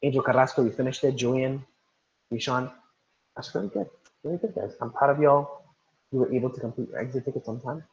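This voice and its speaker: A man's voice: mid-range voice, brisk, vocal fry, pauses often, a little mellow. A man teaching an online class, repeating instructions and calling on students by name over a video call. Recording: roomy, dull lo-fi sound.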